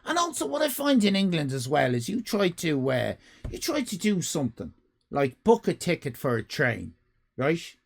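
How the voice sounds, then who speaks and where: A man's voice: moderate pace, gravelly. An Irish man live-streaming, reading out chat and ranting comically, swearing freely. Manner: animated comic ranting, swears freely, big pitch jumps.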